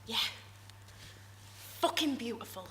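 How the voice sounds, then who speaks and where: An actress playing a troubled young woman in a hushed monologue, soft and coaxing. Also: on the high side, lively intonation, takes it slowly, a little hiss or hum. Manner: soft, coaxing, working-class speech. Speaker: drama student in a showcase scene.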